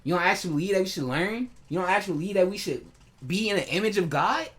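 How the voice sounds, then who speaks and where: Male vlogger, emotional rant, profane, halting restarts. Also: high voice, fairly bright tone. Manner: heated, hurt, swearing, with many restarts. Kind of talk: emotional personal vlog rant.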